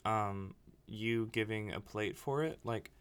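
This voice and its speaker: A man's voice: lowish voice, slow pace, a bit bright, clean tone. A man co-hosting a podcast, chatting casually and rambling, often acting out what other people said. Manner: rambling, chatty, quoting people in little acted voices. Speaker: podcast co-host. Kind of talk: casual chat.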